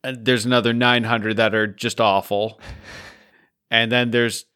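A man's voice: mid-range voice, little pitch movement, measured pace, pushed and bright, smooth. A man co-hosting a podcast in casual chat, teasing and wry. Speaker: podcast co-host.

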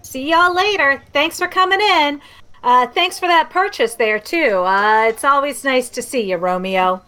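A woman's voice: sits high, unhurried, pushed and bright, pitched above the performer's own voice. Woman playing a cheery shopkeeper. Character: friendly shopkeeper Templeton, man.

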